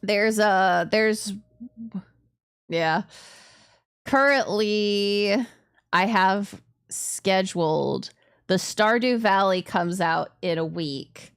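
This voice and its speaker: A woman's voice: mid-range voice, drawn-out words, long pauses, clean tone. A woman streaming a video game, chatting casually in a rambling, self-deprecating way with lots of giggles.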